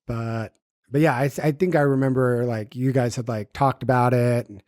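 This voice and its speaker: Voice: mid-range voice, fairly even intonation, normal speed, darkish tone, no echo, studio quality. A podcast co-host venting bluntly in casual chat, with plenty of swearing.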